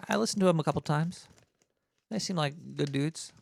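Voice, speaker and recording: Gravelly, laid-back male podcast host. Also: a little high. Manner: rambling, laid-back, halting with many fillers. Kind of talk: casual rambling radio talk.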